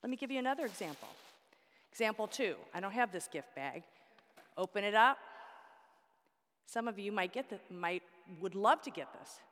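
A woman's voice: medium pitch, expressive, a little fast. A woman teaching a Bible study class, explaining step by step with props and asking the class questions. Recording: long hall reverb.

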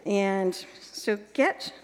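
A woman's voice: mid-range voice, drawn-out words, darkish tone, long reverb tail. A woman leading an evening workshop on teaching the Bible, guiding the group and checking with questions as she goes.

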